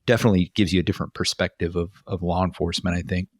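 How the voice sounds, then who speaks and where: A man's voice: sits low, fairly even intonation, very fast, no echo, studio quality. A man co-hosting a podcast, a former police officer telling stories in a chatty way with many fillers and restarts. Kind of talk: casual podcast chat.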